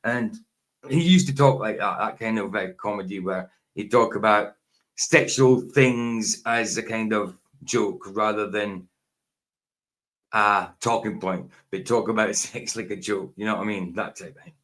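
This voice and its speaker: A man's voice: lowish voice, a little slow, a bit bright. A man in his forties, hosting a casual late-night reaction video in a rambling, self-correcting, chatty way. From Scotland. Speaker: YouTube reaction host.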